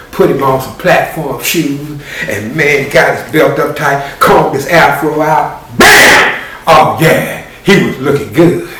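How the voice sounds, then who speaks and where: A man telling a story live, animated and rhythmic with spoken sound effects. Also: mid-range voice, a little hiss or hum. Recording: very echoey room, distant mic.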